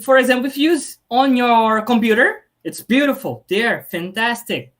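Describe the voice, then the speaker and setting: A woman's voice: on the high side, animated, moderate pace. A woman practicing conversation as a student, talking in a hesitant way with non-native phrasing.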